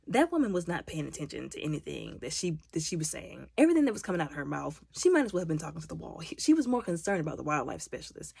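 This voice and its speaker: Woman movie reviewer, casual recap, gravelly and swooping delivery, mocking and animated. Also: low-pitched, fast, hardly any pauses, no echo. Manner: animated storytelling, acting out characters' lines; exasperated, mocking commentary.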